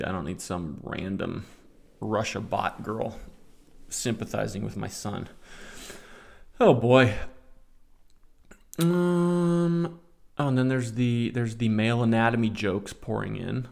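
A man's voice: fairly low pitch, slow, creaky, pauses often, darkish tone. A man in his forties hosting a casual solo podcast, reading out comments and adding sarcastic commentary. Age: 40s. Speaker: podcast host.

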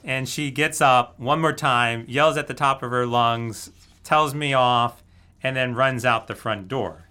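A man's voice: mid-range voice, unhurried, bright, forceful tone, smooth. A man casually telling a story, laughing often as he goes. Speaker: guest telling a dating story. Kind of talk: casual anecdote.

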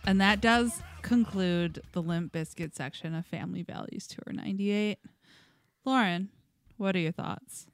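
A woman co-hosting a podcast, chatting in a relaxed way and giving frank opinions. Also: medium pitch, measured pace, faint music behind. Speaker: podcast co-host. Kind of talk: casual chat about music.

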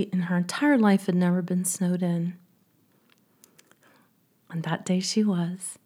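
A middle-aged woman telling a personal story with deep feeling, often dropping to a soft whisper. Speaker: speaker and coach.

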